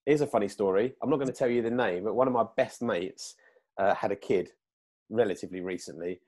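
A man co-hosting a podcast, telling an animated, joking anecdote. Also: on the low side, brisk. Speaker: podcast co-host. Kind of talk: casual chat.

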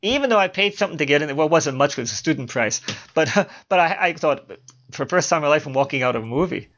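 A man's voice: a little high, fast, muffled recording. A man in his sixties, raised in Baltimore, hosting a podcast in casual conversation, rambling and laughing as he tells stories. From Baltimore, USA. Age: 60s. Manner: rambling, animated storyteller who laughs often. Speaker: podcast host.

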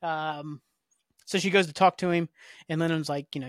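A man's voice: fairly high pitch, steady tone, brisk, no room sound, clean studio sound. A man hosting a podcast, casually recapping a TV episode in a rambling way, with many fillers. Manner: rambling, filler-heavy storytelling. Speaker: podcast host.

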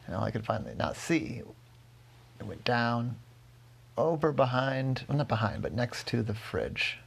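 A man telling his daughter an improvised bedtime story, gentle and rambling, often correcting himself. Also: mid-range voice, very animated, moderate pace, gravelly, breathy edge.

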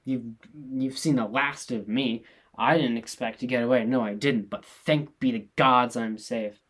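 A man's voice: medium pitch, steady tone, a little slow, a bit bright. A man reading the part of a nervous guard in a play, stammering and hesitant as he speaks. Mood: relieved.

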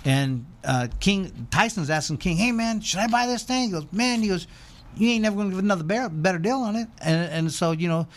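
A man's voice: high-pitched, a little fast. A former boxer telling a long rambling story as an interview guest, acting out the voices of the people he quotes.

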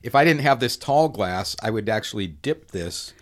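A man's voice: fairly low pitch, lively intonation, normal speed. A man co-hosting a casual podcast, rambling and joking, often correcting himself. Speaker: podcast co-host. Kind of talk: casual chat.

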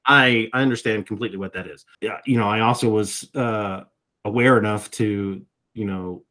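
This middle-aged man, a guest voice actor, speaks at a moderate pace in a lowish, steady, sharp-toned voice. His interview answers are reflective, and he tends to repeat words when starting a thought.

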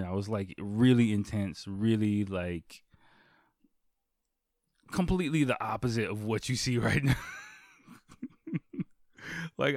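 Low-voiced man rambling through a story. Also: darkish tone, dry recording, clean studio sound. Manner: rambling and profane, lots of fillers and restarts. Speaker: podcast host. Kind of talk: casual storytelling.

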